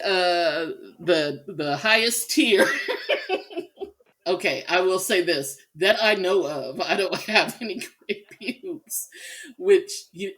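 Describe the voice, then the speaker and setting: A woman's voice: lowish voice, fairly bright tone, breathy edge. A woman co-hosting a podcast, chatty and candid in casual chat. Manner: chatty and candid, lots of fillers. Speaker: podcast co-host.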